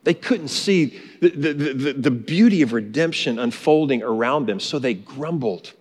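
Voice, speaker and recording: A man's voice: medium pitch, lively intonation, moderate pace, husky. A man preaching a sermon as pastor, earnest and emphatic, repeating his key phrases. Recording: long reverb of a large hall.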